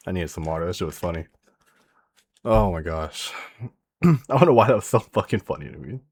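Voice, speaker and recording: A man's voice: low-pitched, animated, moderate pace, darkish tone, husky. A man streaming, chatting casually with his viewers in a laid-back way, swearing freely. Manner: laid-back, swears a lot, addresses chat directly. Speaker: streamer reacting to a video.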